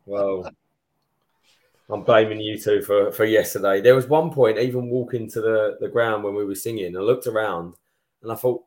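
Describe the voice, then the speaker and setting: A man's voice: lowish voice, fairly even intonation, a little fast, a little mellow. A man co-hosting a football podcast, joking and breaking down the run-in in casual chat. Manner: joking, analytical. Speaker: podcast co-host.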